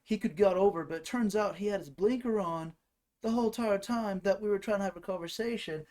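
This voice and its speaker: A man's voice: high voice, a little fast, a little mellow. Man telling rambling comedy stories. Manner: rambling, laughs at his own stories, many fillers. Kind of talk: casual comedic storytelling.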